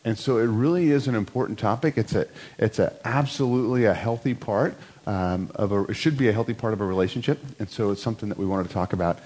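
A middle-aged man speaks in a fairly low voice, giving a relaxed church talk. He tells stories about himself in a conversational, self-mocking way. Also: fast talker, hardly any pauses, breathy edge.

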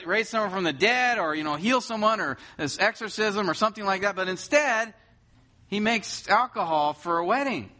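A man's voice: sits high, pushed and bright. A man preaching a conversational sermon to a congregation, often asking rhetorical questions. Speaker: pastor.

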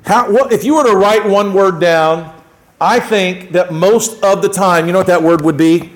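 Man, high-pitched, preaching, conversational sermon, plays out quoted dialogue. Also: normal speed, poor audio. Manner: conversational, acts out little quoted exchanges. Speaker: pastor.

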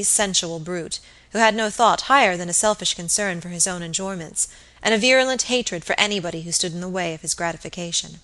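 Bright-voiced woman narrating a novel. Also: fairly low pitch, brisk, low-quality recording. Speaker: audiobook narrator. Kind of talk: scripted narration of a classic novel.

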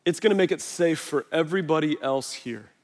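A middle-aged man, a pastor on a body mic, preaching a sermon in a relaxed, conversational way and telling stories against himself. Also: a little high, fairly quick. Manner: conversational, self-deprecating storytelling. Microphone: wireless body mic. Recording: long hall reverb.

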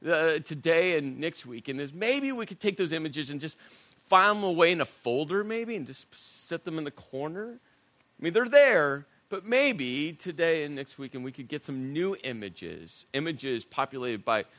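Bright-voiced pastor telling a story. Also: male voice, fairly high pitch, expressive, normal speed. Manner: conversational, self-deprecating, drops to a hushed voice for serious moments. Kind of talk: sermon with a personal story.

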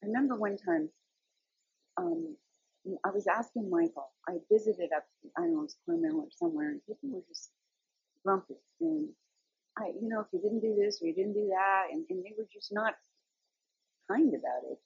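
A woman's voice: medium pitch, animated, normal speed, creaky, pauses often, darkish tone, slightly rough, dry recording, lo-fi sound. A middle-aged woman giving an earnest, conversational devotional talk, telling stories. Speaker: Christian speaker.

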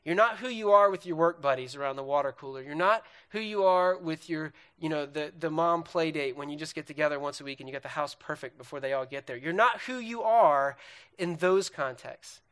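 A man preaching a sermon in church, animated and informal, repeating words and restarting his sentences as he talks. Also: a little high, a little fast, smooth. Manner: animated, repetitive, stumbling restarts. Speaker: pastor. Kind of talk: sermon with a puppet illustration.

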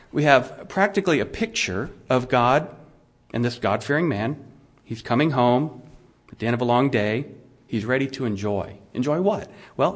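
Male pastor, middle-aged, conversational sermon, rhetorical questions, stumbling restarts, ordinary pitch. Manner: frequent restarts and repeated words.

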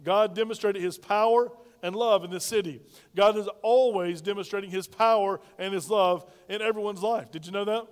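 A man's voice: high-pitched, moderate pace, big-room sound. A male pastor preaching a sermon, calling on the congregation to repeat lines after him. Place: church sanctuary.

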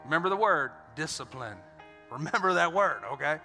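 A man preaching a sermon as pastor, energetic and animated, acting out little scenes. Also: fairly high pitch, fairly quick. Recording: reverberant hall with faint music.

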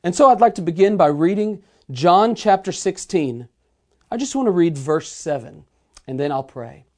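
Earnest preaching man, slightly high voice. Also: lively intonation, a little mellow. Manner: earnest, measured preaching with slowed emphatic phrases. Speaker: pastor. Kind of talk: sermon. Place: remote sermon streamed online.

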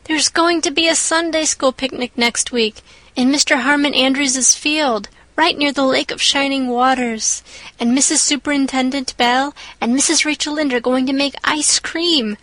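A woman's voice: sits high, steady tone, normal speed, a bit bright, no room sound. A woman voicing an eleven-year-old orphan girl, imaginative and chattering, who speaks breathlessly and gushes in her audiobook reading. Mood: eager pleading. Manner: breathless, gushing, rapturous.

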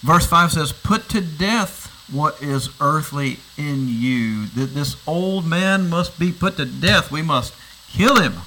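A man's voice: fairly high pitch, lively intonation, slow pace, sharp tone, slight background noise, rough recording. A man preaching a sermon, explaining a passage and posing rhetorical questions, often repeating words as he restarts. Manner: teaching, asks rhetorical questions. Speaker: pastor.

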